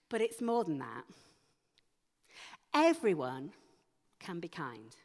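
A woman preaching a sermon, asking slow, emphatic rhetorical questions. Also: fairly low pitch, wildly swooping pitch. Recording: long hall reverb.

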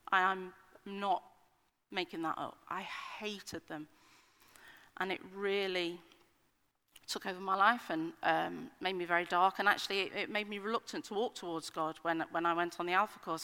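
A woman's voice: lowish voice, sharp tone. A middle-aged woman giving an earnest, conversational personal-testimony sermon, with frequent ums and restarts. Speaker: speaker at a church meeting. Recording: hall with long reverb.

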